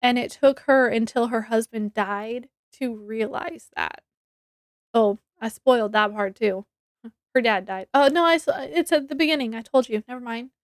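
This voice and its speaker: A woman's voice: a little high, normal speed, no room sound, studio quality. A young woman reviewing a book in a casual chat, rambling and correcting herself, with frequent giggles.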